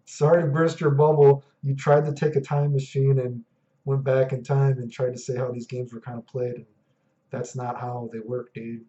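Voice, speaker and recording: A man's voice: medium pitch, level tone, normal speed, dark tone. A man ranting in a vlog, profane, exasperated and sarcastic. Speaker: vlogger. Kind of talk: ranting monologue. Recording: dull lo-fi audio.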